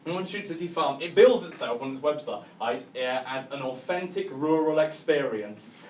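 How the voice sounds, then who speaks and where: A man's voice: on the high side, animated, normal speed, a little mellow, echoey room, far from the mic. Cumbrian bloke doing stand-up, keeps saying right?, laughs at his own bits, faint room hum. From northwest England (Cumbria). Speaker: stand-up comedian. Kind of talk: stand-up comedy storytelling. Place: hotel function room, live audience.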